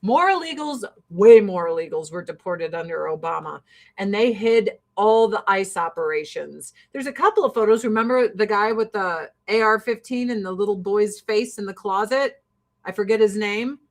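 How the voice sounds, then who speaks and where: A woman's voice: mid-range voice, moderate pace. A woman host delivering a heated, sarcastic, profanity-laced rant. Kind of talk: ranting commentary.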